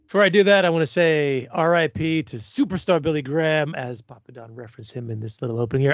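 A man's voice: fairly high pitch, fast talker, hardly any pauses, no echo, dull audio. A man co-hosting a podcast who works as a pediatric ER doctor, joking crudely and rambling. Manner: crude jokes, rambling with fillers. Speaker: pediatric emergency physician and podcast co-host. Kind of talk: casual banter.

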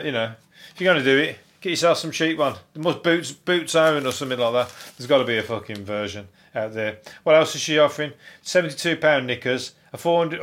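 A man's voice: medium pitch, fairly bright tone. A man hosting a podcast, commenting on news stories in a casual, sweary, rambling monologue with jokes and laughter. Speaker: podcast host.

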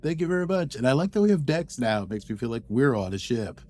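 A man co-hosting a podcast, giving low-key, brief replies in casual chat. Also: very animated, fast, a little mellow, slight background noise. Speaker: podcast co-host.

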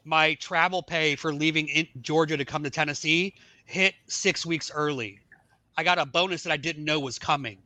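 Middle-aged guy telling his story, kinda high voice, bright, does everyone's lines in the story. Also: normal speed, dry recording. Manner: animated storyteller acting out dialogue. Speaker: podcast guest. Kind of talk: telling his life story in casual chat.

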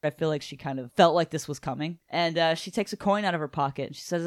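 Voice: medium pitch, fast talker. A podcast co-host in a casual chat about a comic book, retelling scenes with voices and casual swearing.

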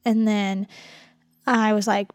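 A woman speech therapist co-hosting a podcast, telling a work story in a casual, animated way with quoted dialogue. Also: medium pitch, slow, no echo. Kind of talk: casual chat.

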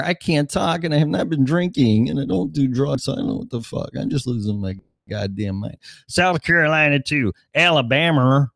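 A man's voice: mid-range voice, expressive, moderate pace, vocal fry, fairly bright tone, no room sound. Male solo podcast host, dry close sound, scattered and self-mocking, swears freely. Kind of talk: casual rambling solo show.

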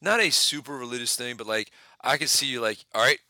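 A man's voice: medium pitch, brisk, noisy background. A man co-hosting a podcast in a casual chat, swearing a lot and building exaggerated comic rants. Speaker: podcast co-host.

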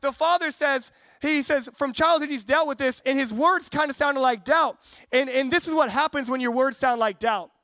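Young male pastor, very high bright voice, fervent conversational sermon, dry close sound. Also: normal speed, no echo. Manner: conversational, fervent preaching with acted-out quotes.

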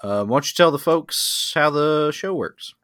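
A man's voice: a little high, expressive, unhurried, fairly bright tone, dry recording, studio quality. A man hosting a comedy podcast, joking casually with his co-hosts. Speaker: podcast host.

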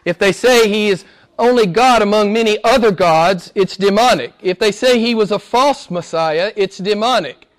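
A man preaching a sermon to his congregation. He talks emphatically and repeats phrases, dropping low and quiet and then climbing high and loud.

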